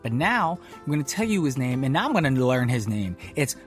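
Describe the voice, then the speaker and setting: Animated, playful male radio DJ. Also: fairly quick, soft background music. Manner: animated, playful asides, swoops high on exclamations. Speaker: radio DJ host. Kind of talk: upbeat radio show patter.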